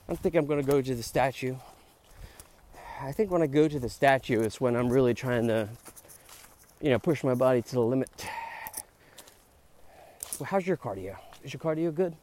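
A man's voice: mid-range voice, a little mellow. Middle-aged Philly guy, chatty podcast host, walking outdoors, loose rambling delivery full of "dude". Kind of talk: casual walk-and-talk monologue. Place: outdoors on a park trail.

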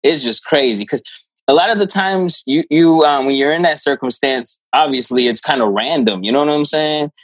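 Male podcast co-host, mid pitch, dry close sound, quick joking reactions. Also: no echo. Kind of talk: casual chat.

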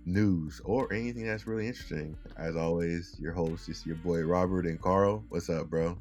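Faint music plays behind a young man co-hosting a casual podcast. His low, slightly mellow voice moves at a moderate pace as he rambles in a laid-back way, restarting often.

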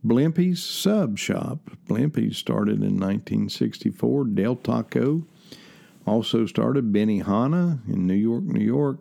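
A low-voiced older man rambles along in a relaxed, folksy monologue, dropping in fillers and personal asides. His voice is heavily gravelly with lots of fry, and the tone is dark and mellow. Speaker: host. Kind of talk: casual spoken monologue. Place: lives in central Ohio.

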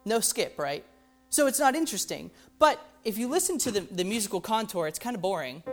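Faint music sits behind a woman with an expressive, mid-range voice who talks a little fast while teaching how a hymn's melody works. This music teacher is conversational, often saying "right?" and musing "interesting."

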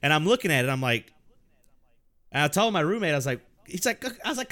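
A man's voice: high-pitched, quick pace, dry recording. A young man co-hosting a podcast, telling stories in casual chat with lots of swearing and laughter. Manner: animated storytelling, swears often, laughs. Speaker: podcast co-host.

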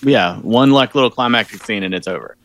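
A man co-hosting a casual podcast, chiming in with short reactions and quick remarks. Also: on the low side, a bit bright. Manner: short reactions and laughing interjections. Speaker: podcast co-host. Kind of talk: casual chat.

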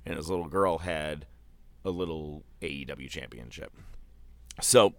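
A man telling a long story in casual podcast chat, loose and animated, with swearing and filler words. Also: rumbling low, unhurried, dry recording.

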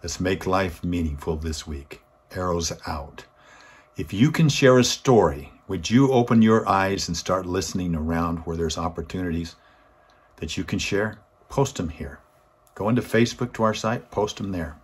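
A man's voice: moderate pace, breathy edge. A man giving a weekly inspirational talk, telling a story in an earnest way and rising in force on key points. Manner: earnest, swells louder and higher on key points. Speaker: motivational speaker.

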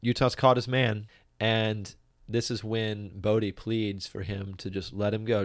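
A man's voice: on the low side, fairly even intonation, a little slow, dry recording, studio quality. A man co-hosting a casual movie review podcast, chatting, laughing often and acting out characters' lines. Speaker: podcast co-host.

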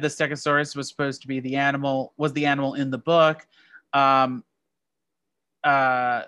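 A podcast co-host with a bright, forward voice, chatting through movie trivia on a dry, close mic. They ramble and stop to correct themselves mid-sentence. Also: medium pitch, smooth, no room sound. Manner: rambling, self-correcting delivery. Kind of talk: casual movie-trivia chat.

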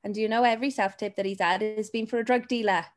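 A woman who works as a talent agent co-hosts a relaxed podcast. She chats freely and laughs easily while she tells stories from her work. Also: mid-range voice, quick pace, soft background music. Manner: chatty, laughs often, tells anecdotes. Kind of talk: casual podcast chat.

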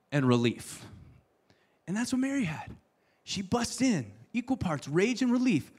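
A man preaching a sermon, telling the story with playful asides and sudden hushed lines. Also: sits high, sing-song, moderate pace. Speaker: pastor.

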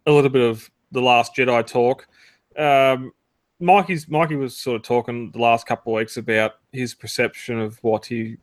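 A man with a mid-pitched voice co-hosts a casual podcast chat. He steers the talk along at an easy pace. The sound is dry. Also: dry recording. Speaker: podcast co-host.

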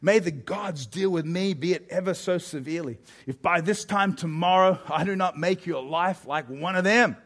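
A man's voice: high-pitched, normal speed, hardly any pauses, a bit bright. A man voicing a vengeful queen delivering a threat. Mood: threatening. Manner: menacing.

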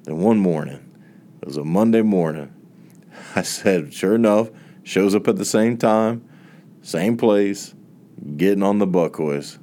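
Man preacher with a low voice, telling his story with emphasis and rising swells. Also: measured pace, long pauses, dark tone. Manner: emphatic storytelling with repeated phrases. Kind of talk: sermon with a personal testimony.

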